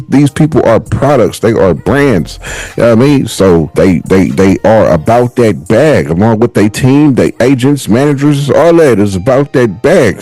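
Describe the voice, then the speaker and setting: Male solo podcast host, AAVE, lively pitch, relaxed and conversational, tagging asides onto nearly every line. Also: dry recording, poor audio. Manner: loose, conversational, constant "you know what I'm saying" asides. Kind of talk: casual commentary monologue.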